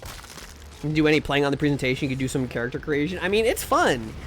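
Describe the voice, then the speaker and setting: A man's voice: fairly high pitch, expressive, quick pace, slight background noise. A man streaming a game live, chatting in a rambling, jokey and crude way. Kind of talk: casual gaming stream chat.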